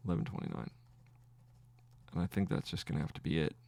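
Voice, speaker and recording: With an extremely low, warm voice and fairly even intonation, a man hosting a trading podcast works through his trades aloud in live commentary. He halts and restarts as he counts his wins and losses.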